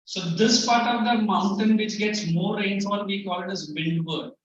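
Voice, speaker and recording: A man's voice: sits high, steady tone, moderate pace. A man with an Indian English accent teaching a class, mixing English with Hindi and firm with students, recorded from a distance in a classroom. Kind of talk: classroom lecture. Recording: echoey, distant, muffled classroom recording with faint noise.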